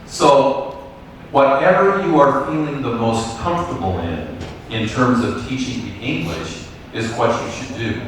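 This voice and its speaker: A man leading a teacher workshop, speaking in a relaxed, encouraging way and taking questions from the audience. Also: medium pitch. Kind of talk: conversational lecture with audience questions. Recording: echoey hall from far off, faint noise.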